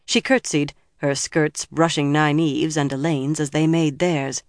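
Steady audiobook narrator, dry sound. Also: medium pitch, measured pace, no room sound. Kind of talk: scripted narration.

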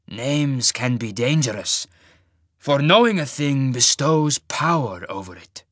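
Old rotund mage lord, genial but sinister, unhurried delivery, played by a man narrator. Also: medium pitch, animated, no echo, clean studio sound. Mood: genially menacing. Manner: slow, measured, softly menacing.

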